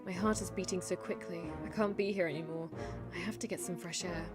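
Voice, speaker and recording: A young woman streamer reading a story game aloud, animated, laughing and breaking off to comment. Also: fairly low pitch, fairly quick, music in the background.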